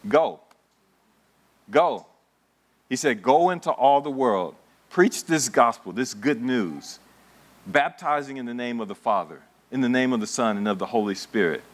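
A man's voice: medium pitch, fairly bright tone. A man preaching a sermon to a congregation, building emphasis and asking the room questions. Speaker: pastor. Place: church in front of a congregation.

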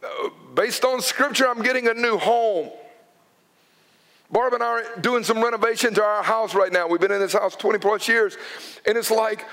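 High-voiced fervent preacher. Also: male voice, moderate pace, fairly bright tone. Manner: fervent, conversational preaching with emphatic outbursts. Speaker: pastor. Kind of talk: sermon.

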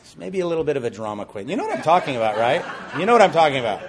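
A man preaching a sermon, retelling stories with animated delivery and joking asides. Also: on the high side, racing, a crowd in the background, background noise. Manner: animated storytelling with acted quotes and asides.

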